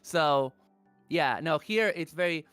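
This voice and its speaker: A man from Argentina talks in a relaxed, rambling way, often stopping to restart a thought. His voice is smooth and clear and sits a little high for a man. Quiet music plays faintly in the background. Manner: rambling, halting, with many restarts. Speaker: stream guest. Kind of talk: casual chat.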